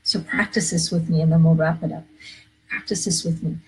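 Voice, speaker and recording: A woman's voice: deep voice, fairly even intonation, brisk, poor audio. A woman minister hosting a live inspirational talk, earnest and coaching, repeating key phrases to her viewers. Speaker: minister and live show host.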